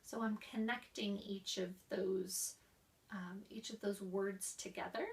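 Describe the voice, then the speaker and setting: A woman's voice: mid-range voice, steady tone, distant mic. A young woman explaining voice therapy exercises as a class presentation, showing each one by coughing, sighing or stretching out words. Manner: demonstrates exercises with coughs, sighs and slowed speech. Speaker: student presenter.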